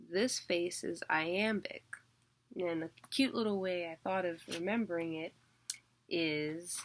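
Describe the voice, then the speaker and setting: Woman, unhurried delivery, lowish voice, chatty online lesson, lots of fillers. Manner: chatty, visual explanations with fillers. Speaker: teacher.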